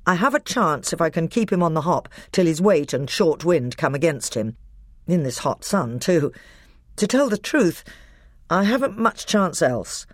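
A woman's voice: lowish voice, no room sound, studio quality, pitched above the performer's own voice. A woman doing a plucky young king. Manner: clipped, plucky British schoolboy talk. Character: young male king, brave and stiff-upper-lip.

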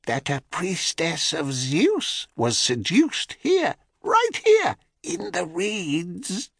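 A man's voice: on the high side, wildly swooping pitch, slow pace, creaky, dry recording, clean studio sound, pitched above the performer's own voice, full character voice. A man voicing a scheming goddess disguised as an old crone, with a cracked, cackling voice and a wheedling, prying way of talking. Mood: gossiping.

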